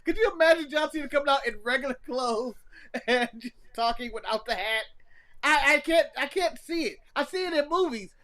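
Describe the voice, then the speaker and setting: A man co-hosting a casual wrestling podcast, animated and laughing often. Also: extremely high pitch, brisk. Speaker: podcast co-host.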